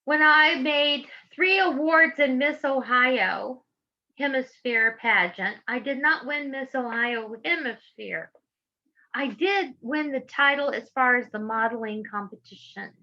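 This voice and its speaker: A woman's voice: high voice, measured pace, muffled recording. A middle-aged woman from Georgia with a Southern accent, giving impassioned public testimony in a fervent, preacherly way. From Georgia, USA. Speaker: public speaker.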